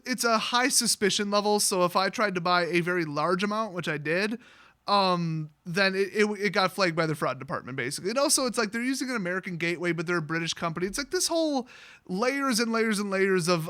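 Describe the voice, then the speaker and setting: High, bright-voiced exasperated man. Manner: exasperated, rambling retelling with quoted dialogue. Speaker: card collecting YouTuber. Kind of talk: storytime vlog.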